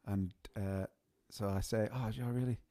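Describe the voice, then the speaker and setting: With a dark, steady voice on the low side, this co-host of a live music show chats at a moderate pace. He laughs as his story wanders, often restarting and repeating words.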